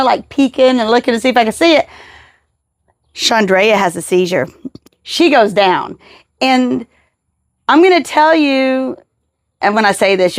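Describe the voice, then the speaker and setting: Woman, podcast host and mom, higher voice, lively storyteller, dry close sound. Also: dry recording. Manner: animated storyteller acting out quotes. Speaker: mother and caregiver of a child with seizures. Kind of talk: casual storytelling interview.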